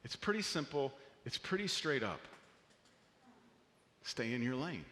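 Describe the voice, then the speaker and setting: A man's voice: mid-range voice, sing-song, a little slow, fairly bright tone, big-room sound. A man preaching a sermon as a pastor, in an earnest, conversational way with small restarts, in a church auditorium.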